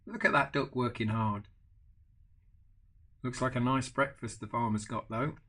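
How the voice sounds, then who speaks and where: An older man, a grandfather, reading a picture book aloud to his grandchildren with animated asides. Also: medium pitch, a little slow. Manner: animated, adds chatty asides to the children. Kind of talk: bedtime storybook reading.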